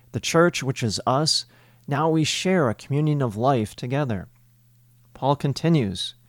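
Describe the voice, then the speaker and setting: A man giving a homily as a priest, speaking in a measured, emphatic way with deliberate pauses. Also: medium pitch, no room sound, studio quality.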